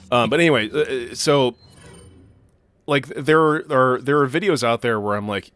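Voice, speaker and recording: A man's voice: medium pitch, moderate pace, a bit bright. Rambling young man telling a story mid-game. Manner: rambling, filler-heavy, swears while playing. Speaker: gaming channel co-host. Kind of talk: casual let's-play storytelling.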